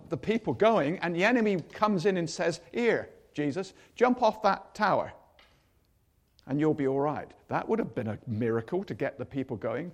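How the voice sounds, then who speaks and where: An older man preaches a chatty sermon in a fairly high, gravelly voice, acting out the quotes of people in his stories with different voices.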